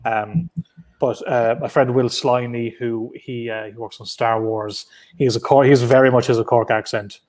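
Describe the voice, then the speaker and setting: A man's voice: medium pitch, fairly even intonation, moderate pace, darkish tone. A man with an Irish accent, a guest speaking casually from his apartment over a laptop video call, talking in loose runs full of restarts and fillers. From Ireland. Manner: chatty and loose, with many restarts and filler words. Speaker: guest comic writer.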